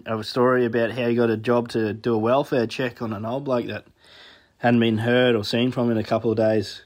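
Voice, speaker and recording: A man telling a rambling anecdote to podcast hosts, linking every step with "anyway". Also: mid-range voice. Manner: rambling, chains sentences with "anyway". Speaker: listener telling a story. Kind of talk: told anecdote.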